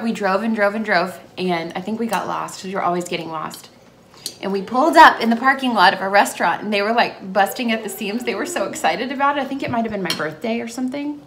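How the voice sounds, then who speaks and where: A woman's voice: medium pitch, fairly quick. A woman, a mother, chatting and telling stories with lots of giggles in a casual home vlog. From Texas. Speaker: family vlogger, mother. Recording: home video with steady background noise.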